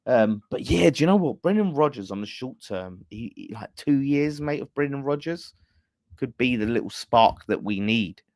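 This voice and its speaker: A man's voice: medium pitch, animated, normal speed, a little mellow, no room sound, clean studio sound. A man hosting a casual fan live stream, ranting bluntly with swearing and laughter. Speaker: fan channel host.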